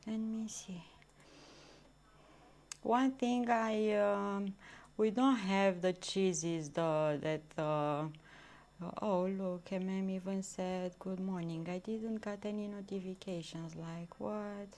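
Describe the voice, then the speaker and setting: A woman's voice: medium pitch, steady tone, takes it slowly, a little mellow, slight background noise. A woman livestreaming at home, out of breath after a workout and chatting casually with her viewers. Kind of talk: casual live stream chat. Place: home, moving into a kitchen.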